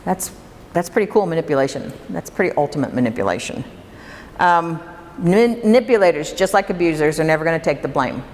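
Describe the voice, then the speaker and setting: A woman's voice: sits low, animated, fairly quick, darkish tone. A woman presenting a workshop to a live audience, talking conversationally and putting questions to the room. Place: hall with an audience. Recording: reverberant hall, faint room noise.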